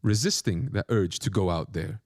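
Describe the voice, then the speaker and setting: Deep-voiced and speaking at normal speed, a monk delivers a spiritual lecture, recorded at studio quality with no room sound. He leans on playful, self-mocking asides and repeats brief phrases for emphasis.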